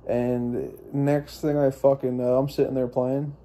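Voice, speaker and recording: A young man with a very dark, mellow voice rambles through a personal story. He swears freely and keeps restarting his sentences as he talks. His pitch sits in a middling range for a man. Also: flat delivery, unhurried, slight background noise. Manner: profane, meandering, frequent restarts and fillers. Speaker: vlogger.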